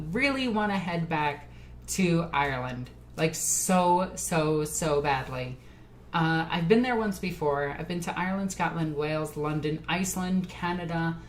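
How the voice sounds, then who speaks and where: A woman's voice: fairly low pitch, a little hiss or hum. A tipsy woman streamer chatting casually with her live chat, rambling and laughing often.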